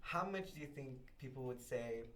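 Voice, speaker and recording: A man's voice: mid-range voice, lively intonation, normal speed, sharp tone, a little hiss or hum. A teenage male student hosting a casual school podcast, teasing and laughing often. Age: teens. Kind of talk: casual chat.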